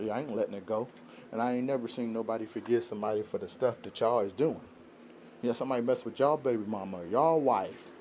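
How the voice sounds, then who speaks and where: Talking straight into his camera, this vlogger has a mid-range, darkish voice with a little hiss or hum in the recording. His unscripted venting is rambling and aggrieved, peppered with "you know what I'm saying" to his audience.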